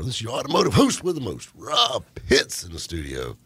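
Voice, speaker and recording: Joking radio host, husky voice. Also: male voice, mid-range voice, a little fast, dry recording, faint music behind. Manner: joking, boisterous, lively banter. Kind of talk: casual studio radio chat. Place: radio studio.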